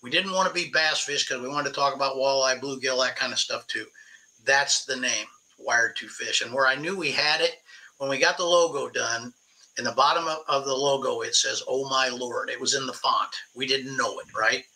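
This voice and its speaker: Bright-voiced spirited man in his sixties. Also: mid-range voice, moderate pace, poor audio. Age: 60s. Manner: animated storyteller, spirited and emphatic. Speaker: podcast guest, veteran angler. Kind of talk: casual storytelling interview.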